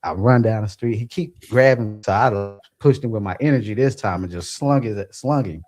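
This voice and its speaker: Animated laughing man telling a story. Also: lowish voice, moderate pace. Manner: animated, laughing, acts out quotes. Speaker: podcast co-host. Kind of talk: casual storytelling.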